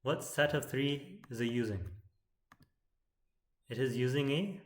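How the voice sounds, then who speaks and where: A man teaching poetic meter in an explanatory lecture, often checking in with "right?" and chanting verse lines slowly. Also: mid-range voice, animated, roomy sound. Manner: keeps asking "right?" as he explains.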